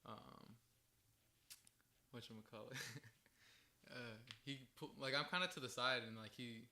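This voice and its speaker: A man's voice: medium pitch, fairly even intonation, a little slow, sharp tone. A young man telling a story in a casual podcast chat, rambling with lots of "like" and frequent laughter. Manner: rambling, heavy use of "like", laughs often.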